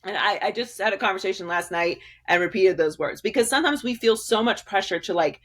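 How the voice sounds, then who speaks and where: A woman's voice: mid-range voice, a little fast. A woman guest in an interview, speaking candidly and emphatically, laughing often and restarting her sentences. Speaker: sports media guest.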